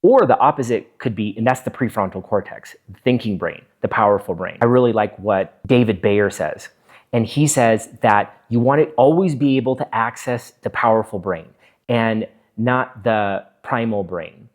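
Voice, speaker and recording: A man's voice: on the low side, normal speed. A middle-aged man, a physician hosting his own video, explaining in a casual monologue and acting out bits of inner self-talk. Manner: earnest, acts out inner self-talk in quotes.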